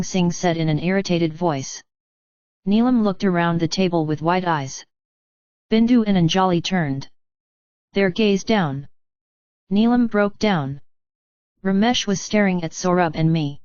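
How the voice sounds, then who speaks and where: A woman reading an audiobook in scripted narration, voicing every character in the same even narrating voice. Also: lowish voice, measured pace, no echo, highs cut off.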